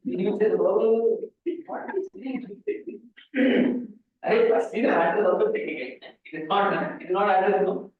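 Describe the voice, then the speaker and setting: A high-pitched man lectures on mathematics, wandering through anecdotes and restarting his sentences. He sounds distant from the microphone, with heavy echo in a large hall. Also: fairly quick, hardly any pauses. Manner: rambling, restarts sentences, asides to students. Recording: echoey hall, far mic, phone-like band.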